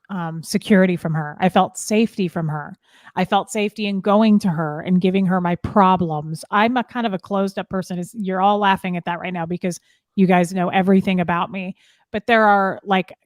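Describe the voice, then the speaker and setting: A middle-aged woman telling a painful personal story, upset and halting, often restarting her sentences. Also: on the low side, no echo, studio quality. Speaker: guest sharing her story. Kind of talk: emotional personal account.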